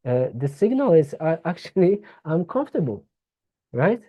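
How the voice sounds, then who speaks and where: A speaker giving a slow, reflective webinar talk over a video call, searching for words and laughing softly now and then. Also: medium pitch, big pitch swings, husky, highs cut off.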